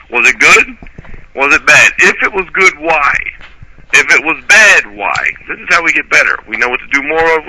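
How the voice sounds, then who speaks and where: Brash male co-host, foul-mouthed, very bright, forceful voice. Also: on the high side, rough recording. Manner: crude, brash, heavy swearing. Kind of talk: casual internet radio chat.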